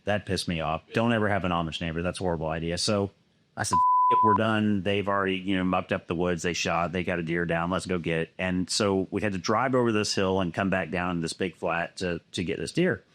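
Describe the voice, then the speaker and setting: A man's voice: low-pitched, brisk, very noisy. A man casually telling a long hunting story, swearing often and acting out what others said. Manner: animated, swears a lot, acts out other people's lines.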